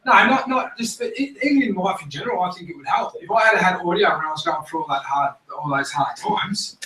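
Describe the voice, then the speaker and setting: A man's voice: high-pitched, fast talker, crowd noise. An Australian man giving a casual motivational talk to a group, blunt and full of swearing. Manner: blunt, swears a lot, acts out others' voices. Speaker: speaker at a business group meeting. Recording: echoey room, mic at a distance, faint noise.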